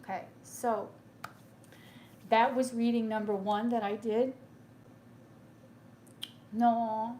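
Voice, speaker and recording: A woman's voice: fairly high pitch, flat delivery, slow, long pauses, mellow, slight background noise. A woman doing a live tarot reading for viewers, speaking in a soothing, reassuring way and often checking in with "okay?", sounding tearful and emotional. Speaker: tarot reader.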